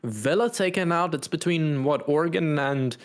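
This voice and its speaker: A man's voice: on the high side, moderate pace. A man co-casting a live esports match, joking and bantering with his partner and the viewers. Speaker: esports co-caster.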